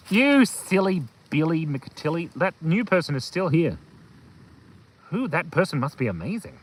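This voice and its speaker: A man's voice: fairly high pitch, animated, a little slow, pauses often, low-quality recording. A man hosting a casual live stream from a hilltop outdoors, rambling and telling silly jokes. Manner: goofy, joking, rambling with fillers. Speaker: kids' channel host.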